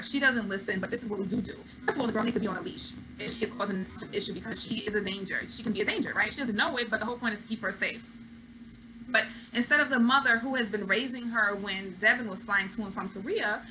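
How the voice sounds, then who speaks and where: In a noisy setting, a woman with a mid-range voice hosts a reality TV recap. Her commentary is casual, chatty and opinionated, and she acts out what people said.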